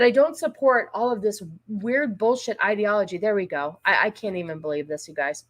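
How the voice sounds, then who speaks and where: A woman's voice: medium pitch, brisk, hardly any pauses. A middle-aged woman hosting a casual commentary livestream, blunt and exasperated, with frequent profanity. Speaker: livestream host.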